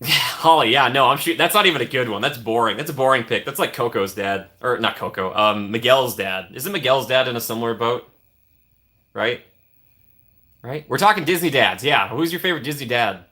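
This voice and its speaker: A man's voice: medium pitch, brisk, sharp tone. A young man casually chatting on a live stream, reading and answering viewer comments with playful teasing.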